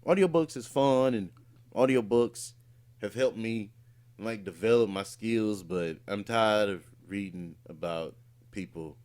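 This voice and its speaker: Low-voiced man in rambling casual chat. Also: unhurried. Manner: animated, rambling storytelling with many fillers and restarts. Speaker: podcast co-host and voice actor.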